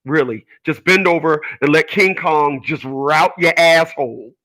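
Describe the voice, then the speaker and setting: In a low-quality recording, a radio host's slightly high, bright voice comes across forceful and a little slow. His casual monologue is emphatic and meandering, full of repetitions and stammered restarts.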